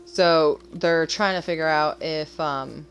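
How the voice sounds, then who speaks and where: A woman with a lowish voice talks casually about her own story while playing a game. She is nervous and rambles, with plenty of fillers and restarts. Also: fairly even intonation, takes it slowly, lo-fi sound. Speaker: author and co-host. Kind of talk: casual chat while gaming.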